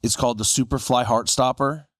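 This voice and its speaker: A man's voice: mid-range voice, steady tone, fairly quick, dry recording, clean studio sound. A man in his forties, a podcast co-host, telling stories casually and acting out the voices of people he quotes. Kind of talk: casual storytelling chat.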